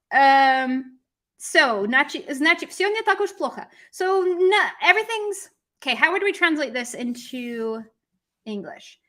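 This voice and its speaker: A woman teaching a language lesson on a live stream, lively and chatty, answering viewers as she explains. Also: a little high. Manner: lively, switches between English and Russian, chats with viewers.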